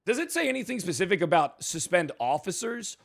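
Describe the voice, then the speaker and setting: A man's voice: sits high, sing-song, brisk, vocal fry, a bit bright. A man streaming in character as a suspended police chief, giving a heated, profane, rambling recap of a meeting. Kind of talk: in-character roleplay storytelling.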